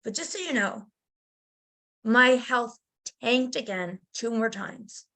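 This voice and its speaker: Middle-aged woman guest, somewhat high voice, chatty and animated storyteller. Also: slow. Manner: animated, acts out voices in her stories. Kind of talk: casual storytelling.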